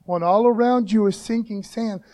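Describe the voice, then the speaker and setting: A man's voice: high voice, steady tone, normal speed, dark tone. A man preaching an informal devotional talk, fired up and casual, calling listeners "man" again and again.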